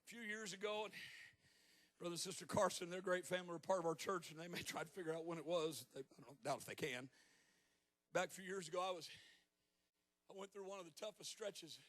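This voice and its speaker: A man in his fifties preaching to a congregation with a high-pitched voice. He tells animated stories full of joking asides and drives his points up to shouted peaks. His tone is bright and forceful. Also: fairly quick, long pauses. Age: 50s. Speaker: guest preacher. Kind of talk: sermon.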